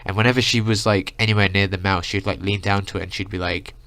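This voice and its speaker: A man's voice: lowish voice, steady tone, fast talker, a bit bright, clean tone, no room sound. A young man ranting through a casual storytime, rambling with lots of filler words. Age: young adult. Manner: rambling, full of "like" and "you know". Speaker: vlogger.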